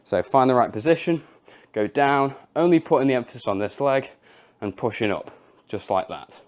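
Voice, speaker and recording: A man's voice: mid-range voice, normal speed. A young man, casually explaining and demonstrating home leg exercises as a fitness coach. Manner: casual, chatty, demonstrating moves while explaining.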